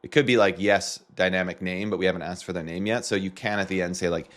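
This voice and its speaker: A man's voice: deep voice, fast talker, a bit bright. A man with a Canadian accent, casually walking through a marketing tutorial with joking asides. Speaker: marketing coach. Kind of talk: screen-share tutorial.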